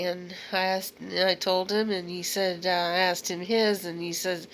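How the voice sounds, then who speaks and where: A woman's voice: on the low side, steady tone, normal speed, hardly any pauses, fairly bright tone, slight background noise, poor audio. A middle-aged woman vlogging about her own online dating experience, telling it in a candid, rambling way with fillers and small laughs. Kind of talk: casual storytelling monologue.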